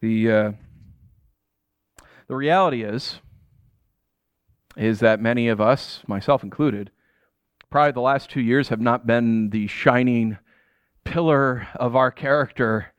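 A middle-aged pastor giving a sermon in a conversational, jokey way, often asking the audience questions. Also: male voice, medium pitch, unhurried, pauses often, clear, resonant tone, no room sound.

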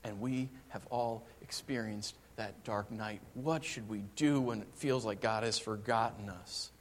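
A male pastor preaching a sermon, dropping to hushed, slow lines and then rising into fervent, pleading passages. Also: lowish voice, steady tone, a little hiss or hum.

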